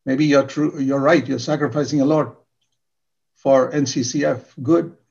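A man's voice: medium pitch, steady tone, measured pace, vocal fry, darkish tone, highs cut off. An older man preaching a sermon in an earnest, emphatic way, repeating key words for stress.

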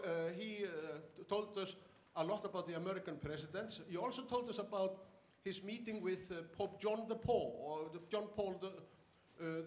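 Older Icelandic man telling anecdotes, echoey room. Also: sits high. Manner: halting, many fillers and restarts. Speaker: interviewee, professor. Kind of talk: anecdotal interview storytelling. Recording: echoey room, faint ambience.

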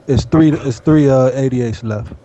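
A man calling into a gaming podcast, relaxed and teasing. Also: mid-range voice, measured pace, dull audio, noisy background. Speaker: guest caller. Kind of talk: casual gaming chat.

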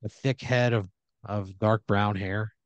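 A man improvising a comedy story on a podcast, halting with fillers and restarts and slipping into quick character voices. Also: on the low side, fairly even intonation, dry recording, highs cut off. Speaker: podcast host telling an improvised scenario.

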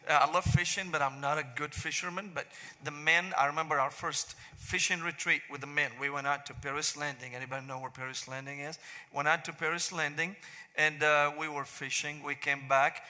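Syrian-accented pastor with a bright voice. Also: male voice, on the high side, steady tone. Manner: joking storyteller turning to slow solemn prayer. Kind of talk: sermon. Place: large church sanctuary. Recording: long church reverb.

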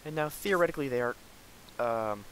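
A young man hosting a gameplay video, excitedly commenting on his own play, talking to his enemies and breaking into outbursts and laughs. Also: mid-range voice, fairly quick, a little hiss or hum, poor audio. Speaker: gaming video host.

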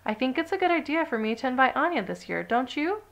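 A woman reading a gentle ballet teacher mouse. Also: sits high, sing-song, creaky, voice pushed up, exaggerated voice. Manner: gentle, measured. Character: kind grown-up female ballet teacher mouse.

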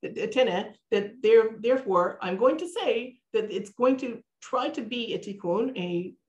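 A woman's voice: on the high side, animated, a little slow, lo-fi sound. A woman teaching an online Torah class from her computer. She explains in English and reads out Hebrew verses, with plenty of fillers and restarts.

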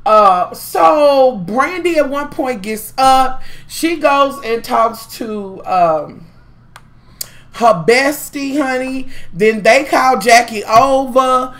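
A woman's voice: high voice, animated, slow pace, a bit bright. A woman vlogging a profane, sassy gossip rant with mocking, dramatic flair. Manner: profane, sassy, heavy swearing. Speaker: vlogger recapping a reality show.

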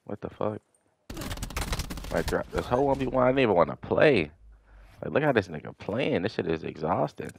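A man's voice: lowish voice, animated, brisk, vocal fry, pauses often, slight background noise. A young man giving profane gameplay commentary, ranting in exasperation about how his opponents play. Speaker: gaming commentator.

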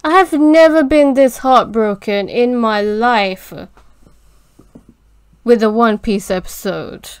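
A woman hosting an anime reaction, talking back at the screen in a distraught, swearing way. She speaks slowly and unhurriedly. The sound is dry and close, with no room echo. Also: fairly high pitch, a little mellow, smooth. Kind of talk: emotional reaction commentary.

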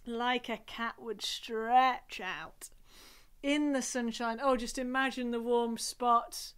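A woman with a Scottish accent leading a singing group's online warm-up, gentle and encouraging with light laughs. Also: fairly high pitch, steady tone, slow, clear, resonant tone. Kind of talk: online vocal warm-up class. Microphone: home recording for video.

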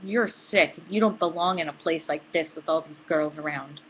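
A woman's voice: low-pitched, moderate pace, slight background noise, natural voice. A woman reading aloud as a prim young college woman who speaks scornfully, on a dull, lo-fi recording.

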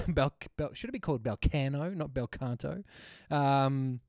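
A man's voice: mid-range voice, unhurried, few pauses, darkish tone, no room sound. Enthusiastic man with a dry close sound. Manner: enthusiastic, chatty, laughs often. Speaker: host reacting to multitrack stems. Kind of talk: casual reaction commentary.

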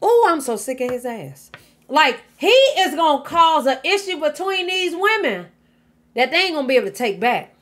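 High-pitched animated woman host. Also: moderate pace. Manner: blunt, exasperated, swearing freely. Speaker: reaction channel host. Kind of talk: casual commentary.

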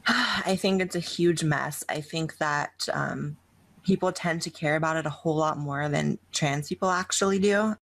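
A woman being interviewed, answering in a relaxed, laid-back way with lots of "like" fillers. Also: low voice, measured pace, creaky. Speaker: interview guest, YouTuber. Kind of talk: casual interview chat.

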